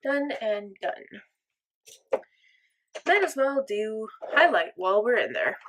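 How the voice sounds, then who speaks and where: A woman's voice: fairly high pitch, expressive, slow pace, a bit bright. A woman chatting casually through a makeup tutorial, thinking aloud and joking at her own expense. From mostly German, part Irish and Norwegian descent. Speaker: makeup vlogger.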